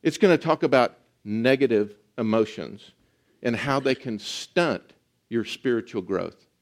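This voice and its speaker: A pastor delivers a sermon in a medium-pitched voice, teaching in an earnest, emphatic way. He slows down to stress words and sometimes drops to a soft voice.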